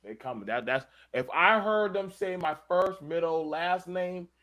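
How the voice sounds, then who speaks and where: A man hosting a casual panel chat, animated and swearing, with bursts of loud emphasis and speech. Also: high voice, measured pace. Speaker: show host.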